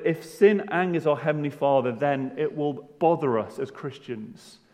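Long hall reverb surrounds a man delivering a church sermon in a conversational style. He poses rhetorical questions and uses self-deprecating humour, speaking in a slightly mellow, mid-range voice.

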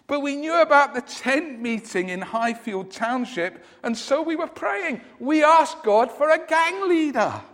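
A man's voice: very high voice, animated, unhurried, hardly any pauses, a bit bright, long reverb tail, pitched above the performer's own voice, exaggerated voice. A man voicing a frail but determined old woman who calls out insistently during a church service. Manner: urgent, insistent calling out.

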